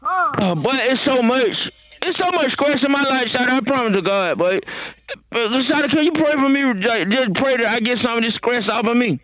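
A man doing a lazy, work-dodging guy who calls in with a very high, whiny voice, rambling through one excuse after another and sighing heavily. The call comes through dull and lo-fi, like a phone line. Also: expressive, normal speed. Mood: stressed whining. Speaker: caller.

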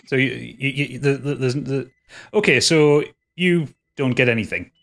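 A man narrating a tabletop game as game master, talking haltingly with many restarts. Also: mid-range voice, fairly bright tone. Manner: halting, full of restarts and fillers.

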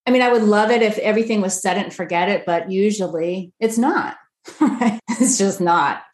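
A woman guest on a podcast explaining marketing in a lively, conversational way, full of rhetorical questions. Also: medium pitch, moderate pace. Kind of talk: conversational interview answer. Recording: roomy echo.

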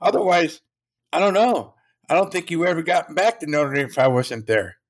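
A man's voice: on the high side, moderate pace. An older man, a motivational speaker, telling a story in an interview and acting out the quotes.

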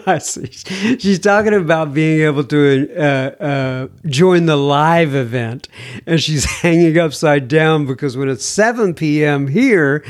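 A man hosting a podcast, reading out listener messages in a casual, halting way and often repeating words as he starts a sentence. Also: fairly high pitch, very animated. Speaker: podcast host.

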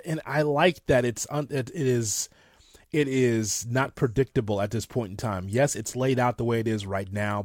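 A man co-hosting a wrestling podcast, rambling and enthusiastic, often restarting his sentences. His voice is mid-pitched. The sound is dry and close. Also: a little mellow, no room sound. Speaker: podcast co-host. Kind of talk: casual wrestling talk.

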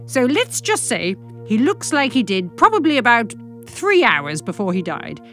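A woman reading a comic monologue with dry, deadpan delivery. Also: fairly high pitch, normal speed, faint music behind. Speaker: comic storyteller.

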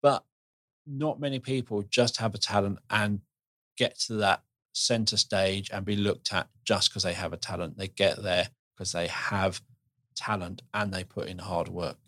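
A man's voice: on the low side, steady tone, a little slow, a bit bright, no room sound. A man hosting a podcast talks casually and earnestly, often restarting his sentences as he works through his point. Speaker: podcast host.

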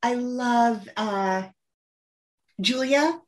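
A woman's voice: a little high, drawn-out words. A woman hosting an interview, asking eager questions and reacting with enthusiasm. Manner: enthusiastic, warm questioning with laughs. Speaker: interviewer host. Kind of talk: conversational interview.

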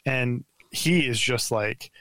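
A man guesting on a podcast, telling a story in a lively, profane way full of stammered restarts, over a remote call mic. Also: mid-range voice, takes it slowly, dry recording. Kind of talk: casual podcast chat.

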